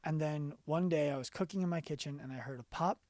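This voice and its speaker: A man being interviewed on a podcast as a business coach, telling stories earnestly and going quiet for the emotional parts. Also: fairly high pitch, fast, no echo.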